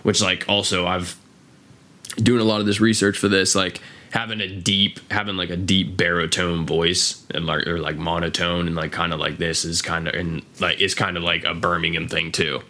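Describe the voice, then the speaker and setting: Low-voiced rambling American man. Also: flat delivery, moderate pace, bright, forceful tone. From United States. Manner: rambling, profane, filler-heavy. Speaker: podcast host. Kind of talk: casual chat.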